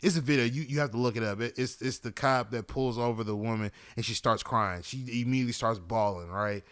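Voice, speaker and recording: A man's voice: mid-range voice, fairly quick, fairly bright tone, smooth, no room sound. A man hosting a podcast in a casual monologue, rambling, swearing freely and often asking "you know what I'm saying". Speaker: podcast host.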